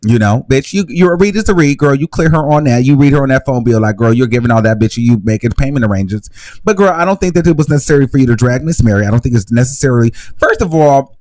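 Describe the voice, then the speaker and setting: A man hosting a live reaction commentary, talking in a sassy, animated gossip style. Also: medium pitch, fast, dry recording. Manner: sassy, animated gossip with shrieking laughs and mock voices. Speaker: commentary host.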